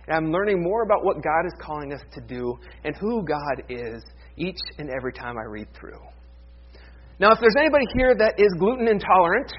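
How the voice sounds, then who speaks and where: A man's voice: fairly high pitch, slightly rough, dull audio. A man in his thirties, a pastor giving a casual, self-deprecating sermon that opens with a folksy joke.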